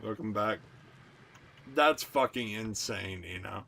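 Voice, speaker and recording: A fairly low-pitched young man with a gravelly, fry-heavy voice that still cuts through with a bright, forceful edge. He chats casually with his stream audience, swearing freely and working himself into excitable rants. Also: takes it slowly. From United States. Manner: profane, excitable ranting. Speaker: streamer talking to chat. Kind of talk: casual livestream chat.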